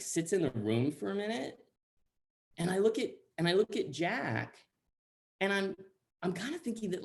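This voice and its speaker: A man from Central Texas spins a comic personal story in an animated, chatty way, scattering likes and asides. He is heard over a video call mic. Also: a little high.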